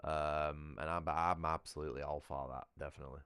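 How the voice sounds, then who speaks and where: A man's voice: extremely low pitch, fairly even intonation, fairly quick, a bit bright, smooth, no echo. A British man chatting casually on a livestream, ranting with heavy swearing. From United Kingdom. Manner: profane, ranting.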